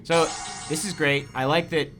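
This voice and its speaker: A man's voice: a little high, fairly even intonation, normal speed, a bit bright, soft background music. A man acting as dungeon master in a casual comedic game, laughing often and rambling as he corrects himself.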